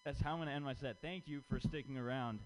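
A man's voice: a little high, quick pace, background noise. A young man doing a rambling, self-deprecating open-mic stand-up set, full of fillers and nervous laughs. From Indian family. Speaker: stand-up comedian.

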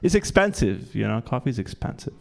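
A young man working a comedy club stage into a handheld mic, mid-pitched and self-deprecating. He stumbles through restarts as he builds each joke. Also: sing-song, fairly quick, creaky, a little mellow. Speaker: stand-up comedian. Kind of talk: stand-up comedy set.

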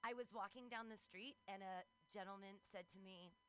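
A woman's voice: medium pitch, steady tone, moderate pace, few pauses, rough recording. A woman performing a playful, self-mocking stand-up comedy set at an outdoor show.

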